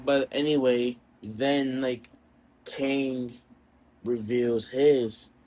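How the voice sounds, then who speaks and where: Man, casual storyteller, mid-pitched, rambling filler-heavy delivery. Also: steady tone, very slow, darkish tone. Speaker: storyteller and video creator.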